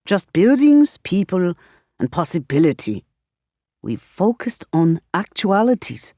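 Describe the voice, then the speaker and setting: Woman narrator as a measured, guarded male city avatar; speaks slowly. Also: lowish voice, very animated, mellow, dry recording, studio quality. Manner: slow, measured.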